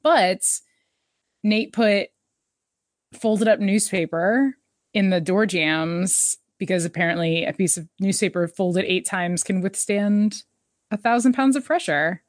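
A woman's voice: medium pitch, measured pace, no echo, clean studio sound. A woman co-hosting a casual chat, recapping a TV episode with an easy, enthusiastic manner. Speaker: podcast co-host.

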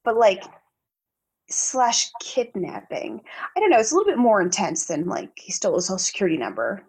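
A woman's voice: mid-range voice, sing-song, a little fast, darkish tone, breathy edge. A woman who is a nurse, co-hosting a casual recap chat and making wry, joking asides. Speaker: podcast co-host, nurse.

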